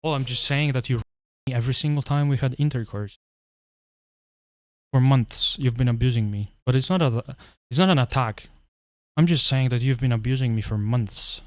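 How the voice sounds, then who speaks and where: A man's voice: medium pitch, moderate pace, a little mellow, no echo. A man telling a story in a casual, profane rant, rambling and often restarting his sentences. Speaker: commentary vlogger.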